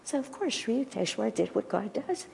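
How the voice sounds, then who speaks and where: A woman giving a gentle devotional talk and retelling a story, pausing at times to search for her words. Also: on the high side, very animated, vocal fry, in a large hall, slight background noise. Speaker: spiritual teacher.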